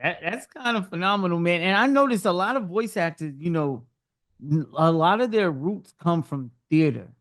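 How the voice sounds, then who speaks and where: A man's voice: high-pitched, expressive, moderate pace, fairly bright tone. A man hosting a podcast interview, asking questions in an enthusiastic, encouraging way. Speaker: podcast host. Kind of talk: casual interview chat.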